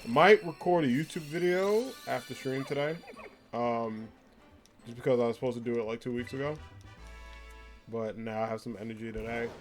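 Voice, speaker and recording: A man's voice: medium pitch, moderate pace. A man streaming a video game, chatting casually with his viewers, rambling with lots of fillers and frequent laughs while he answers their comments. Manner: reads viewer comments aloud and answers them. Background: faint game music.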